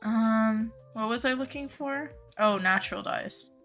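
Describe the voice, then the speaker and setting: Bright-voiced gushing woman streamer. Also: on the high side, measured pace, faint music behind. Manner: gushing, upbeat, greets chatters by name. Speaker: game streamer. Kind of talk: casual live-stream chat reading viewer messages.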